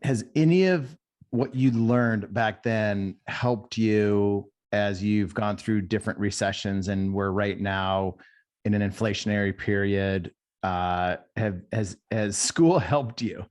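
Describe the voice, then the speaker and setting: A man hosting a podcast who asks his guest questions quickly and in a friendly way. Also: on the low side, a little mellow. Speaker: podcast host. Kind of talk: interview questions.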